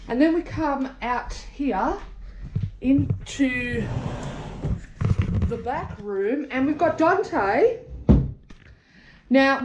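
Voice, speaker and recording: Aussie woman vlogging at home on a gopro, chatty and blunt, bit high voice, echoey rooms. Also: a little hiss or hum. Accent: Australian. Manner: chatty, blunt and swears casually, yells sharply at her dogs. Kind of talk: casual home vlog. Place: her home. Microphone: action camera.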